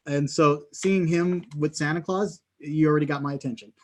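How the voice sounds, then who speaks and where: A man's voice: on the high side, fairly even intonation. Joking man, casual podcast co-host. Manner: joking, teasing, drawn-out asides.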